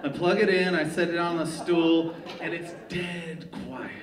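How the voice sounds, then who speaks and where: High-voiced man telling a story onstage. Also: unhurried, background noise. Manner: animated, profane, laughing at his own story. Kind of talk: live personal storytelling. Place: theater stage before a live audience. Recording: echoey live theater sound, mic from a distance. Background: audience laughter and room ambience.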